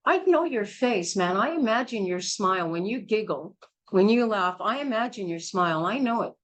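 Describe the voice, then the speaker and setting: A woman's voice: medium pitch, expressive, normal speed, rough recording. A woman teaching a childbirth class in a blunt, emphatic, hard-hitting way. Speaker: childbirth educator.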